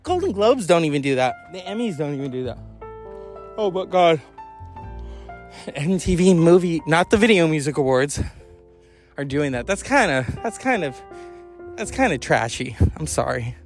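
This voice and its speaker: Male podcast host, high voice, rambling and candid, swears freely, faint music underneath. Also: sing-song, normal speed, pauses often. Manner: rambling, candid, profane, with sighs and yawns. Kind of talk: casual monologue.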